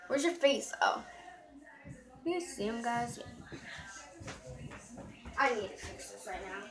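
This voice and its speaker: In a rough recording with music playing behind her, a young woman slowly rambles to the camera in her bedroom, phone in hand. Her voice is fairly high and animated, and she uses lots of fillers like "so" and "yeah."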